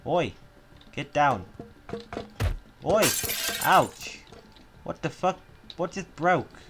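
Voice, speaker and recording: A man's voice: on the high side, expressive, extremely slow, over music. A young man giving playful gameplay commentary, mock-menacing and swearing often. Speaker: gaming YouTuber.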